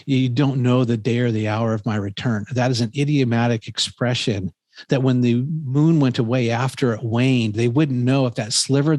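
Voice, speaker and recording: A man's voice: mid-range voice, darkish tone, no echo. A man in his fifties, a professor, telling a story in casual conversation, earnest and rambling with lots of fillers and restarts. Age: 50s. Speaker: professor and podcast host.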